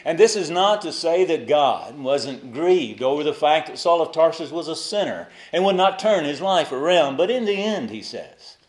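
A male pastor preaching a sermon, moving between loud emphatic lines and soft asides, and putting rhetorical questions to the congregation. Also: a little high, expressive, normal speed, few pauses.

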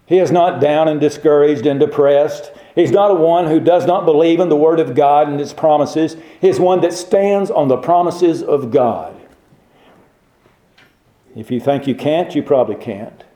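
Mellow-voiced preacher in an echoey room. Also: male voice, a little high. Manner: emphatic, rhetorical questions. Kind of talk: sermon. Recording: roomy echo.

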